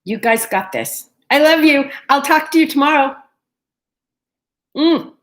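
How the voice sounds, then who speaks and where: Woman, middle-aged, vlog host, casual storytelling, lively, bright high voice. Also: measured pace. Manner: chatty, animated, talks straight to viewers.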